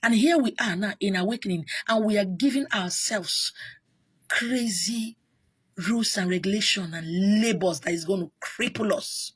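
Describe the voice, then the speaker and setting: A woman's voice: medium pitch, moderate pace, slightly rough. A woman with a Nigerian accent, a spiritual teacher talking in an exasperated, emphatic monologue that keeps circling back on itself. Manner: exasperated, emphatic, repeats herself. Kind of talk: casual monologue.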